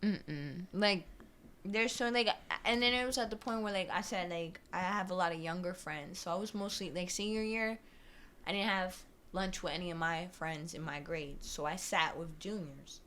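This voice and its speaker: A woman's voice: on the low side, normal speed, a bit bright, a little hiss or hum. A young woman from New York, a podcast guest, rambling in casual slangy chat and cussing freely.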